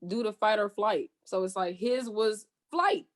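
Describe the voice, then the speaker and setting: A woman's voice: mid-range voice, animated, measured pace. A woman guest on a podcast in casual chat, talking bluntly and emphatically, with a lot of swearing.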